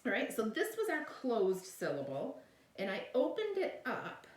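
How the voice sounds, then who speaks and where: A woman's voice: fairly high pitch, wildly swooping pitch, measured pace, recorded from a distance. A woman teacher giving a recorded video lesson, explaining patiently step by step and often checking in with "all right?". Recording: echoey room, voice a bit off-mic.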